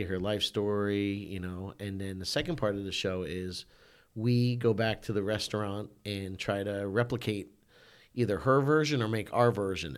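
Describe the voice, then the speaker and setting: A man in his thirties, a guest in a casual chat, talking in a relaxed, rambling way. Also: fairly low pitch, clear, resonant tone. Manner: relaxed, rambling, with fillers and laughs.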